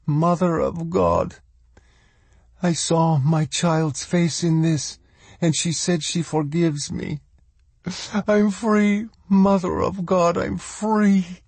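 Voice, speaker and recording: Audiobook: man voicing a tearful Cuban woman, husky, up high. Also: slow pace, a little mellow, dry recording.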